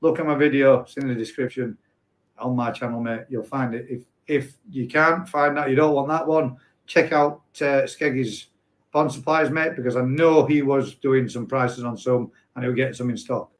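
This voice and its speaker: A man's voice: mid-range voice, steady tone, moderate pace. A man hosting a casual live stream, chatting and reading out viewer comments in a rambling, self-correcting way. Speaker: host.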